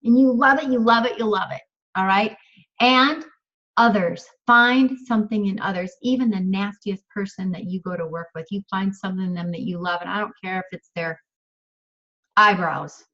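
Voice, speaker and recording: A woman's voice: medium pitch, normal speed, a bit bright, dull audio. A woman in her fifties giving an emphatic motivational coaching talk on a video call, repeating phrases and laughing often. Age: 50s.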